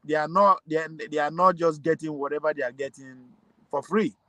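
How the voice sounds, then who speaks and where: A man with a Nigerian accent talking politics in a casual way, animated and laughing often, mixing Pidgin and English. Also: on the high side, a little fast, no echo. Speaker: political commentator.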